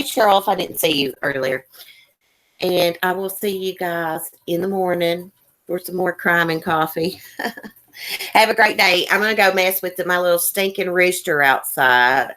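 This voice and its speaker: A woman's voice: fairly low pitch, a bit bright. A woman hosting a casual live stream, chatting folksily with her guest and viewers. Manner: chatty, folksy, addresses chat viewers by name.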